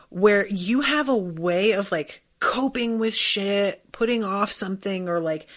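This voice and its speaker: Excitable young woman podcaster. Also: medium pitch. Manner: excitable, swearing, lots of "like" fillers. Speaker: podcast host. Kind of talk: casual commentary on a TV episode.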